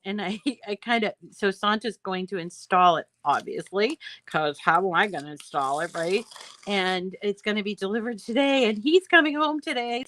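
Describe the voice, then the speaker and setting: A woman's voice: medium pitch, a bit bright, a little hiss or hum, rough recording. An older woman hosting a crafting video, chatting in a rambling, self-deprecating way while she works. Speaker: crafting channel host. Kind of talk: casual crafting tutorial chat.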